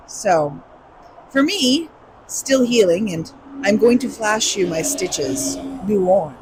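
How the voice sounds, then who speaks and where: A woman's voice: medium pitch, sing-song, takes it slowly, slight background noise, poor audio. A woman talking candidly and emotionally in a personal vlog, reflective and earnest, sometimes swearing. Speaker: vlogger.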